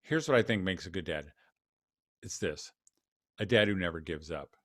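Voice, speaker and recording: A man's voice: deep voice, lively intonation, normal speed, fairly bright tone. A middle-aged man, a conference keynote speaker, talking casually in an interview with a humorous, self-deprecating storytelling manner.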